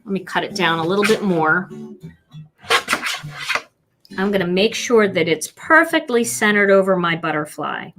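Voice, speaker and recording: On a live stream, a woman teaches card stamping in a medium-pitched, slightly bright voice. She's chatty and playful, walking viewers through every step as she works.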